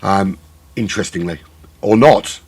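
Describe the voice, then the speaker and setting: A middle-aged man provides live sim racing commentary, rambling and joking at his own expense to fill the time. His voice is low, husky, and a little mellow, and he speaks a bit slowly.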